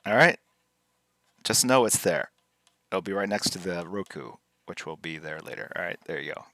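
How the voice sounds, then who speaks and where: A man's voice: sits low, expressive, moderate pace, bright, forceful tone, dry recording. A man hosting a live drawing stream, chatting casually and playfully with his chat while he works, teasing them and repeating words to practice saying them.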